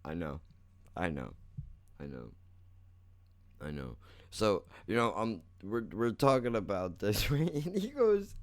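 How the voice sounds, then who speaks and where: A man's voice: fairly low pitch, very animated, unhurried, pauses often. A young man hosting a casual solo podcast, rambling and self-mocking, swearing often and calling the listener "dude.". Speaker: podcast host.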